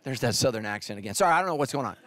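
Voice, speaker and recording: A man preaching a sermon as pastor, animated and speaking straight to his listeners. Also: medium pitch, racing. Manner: animated, addresses listeners directly.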